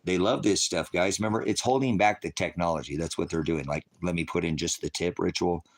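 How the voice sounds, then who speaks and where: A man's voice: deep voice, brisk. A man hosting a casual livestream, rambling in a conspiratorial way, laughing often and answering viewers in chat. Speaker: livestream host.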